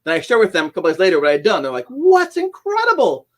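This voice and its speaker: Fast, high-voiced man telling a story. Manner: animated storyteller who acts out quoted dialogue, with frequent restarts. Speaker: podcast guest. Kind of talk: personal storytelling in a podcast interview.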